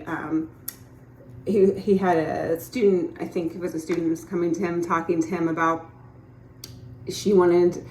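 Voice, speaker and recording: A woman with a lowish voice talks casually as a manifestation coach. She keeps things chatty and encouraging and keeps checking that the listener is following. The sound carries a roomy echo. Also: slight background noise. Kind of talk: casual teaching monologue.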